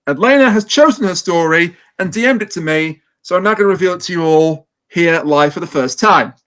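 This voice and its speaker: Man, high-pitched, podcast host, casual, blunt. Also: expressive, brisk, a bit bright.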